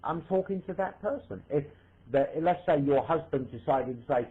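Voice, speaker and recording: Husky man over a tinny line. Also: a little high, expressive, normal speed. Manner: defensive, hesitant, rambling. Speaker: chat room participant. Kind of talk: voice chat.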